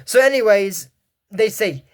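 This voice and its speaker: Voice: mid-range voice, unhurried, clear, resonant tone. Rambling casual cartoon recapper. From United States. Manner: rambling with tangents, acts out characters' lines with animated shifts. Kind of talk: casual retelling of a cartoon episode.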